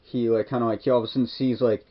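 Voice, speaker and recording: Racing along at a medium pitch and level tone, a male movie reviewer gives a casual recap of a film's scenes. He rambles, constantly saying "like" and "kinda," and the lo-fi recording sounds dull.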